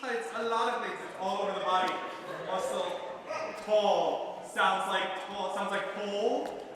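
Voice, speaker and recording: A man's voice: high voice, steady tone, measured pace, background noise. A man performing live improv comedy, rambling and free-associating with lots of repeated words. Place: large hall with audience. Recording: echoey hall from far off, crowd behind.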